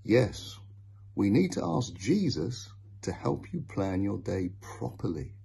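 A man's voice: fairly low pitch, big pitch swings, slow, vocal fry, mellow, breathy edge, full character voice. A man voicing an anxious, caring mother who scolds firmly, in a children's storybook reading. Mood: worried. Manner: worried, firm and scolding.

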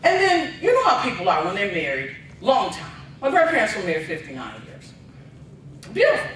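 A man delivers a comic speech full of family anecdotes, his voice leaping up and down with lively expression. He is heard from well back in a very echoey hall. A faint background noise sits under him. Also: high voice, fairly quick, recorded from a distance. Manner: storytelling with punchlines, animated. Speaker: speech contestant. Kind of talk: humorous speech.

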